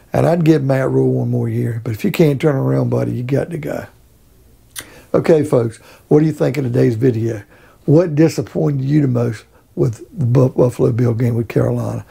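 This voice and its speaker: A middle-aged man delivering blunt, profane sports commentary. His voice is heavily gravelly, dark and mellow. He sounds husky as he rants. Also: medium pitch. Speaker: sports vlogger host.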